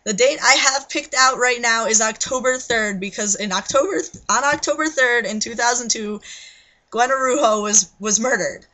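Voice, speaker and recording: Bright-voiced young woman ranting, swearing. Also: fairly high pitch, moderate pace, rough recording. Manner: agitated, swearing, scattered. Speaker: vlogger. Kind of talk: rambling webcam rant. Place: own bedroom at night.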